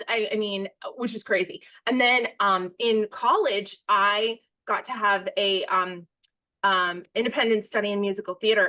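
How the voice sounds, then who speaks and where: A woman's voice: mid-range voice, fairly bright tone. Gushing, rambling American woman host. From United States. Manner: gushing, rambling, self-interrupting. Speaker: podcast host. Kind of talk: casual podcast chat.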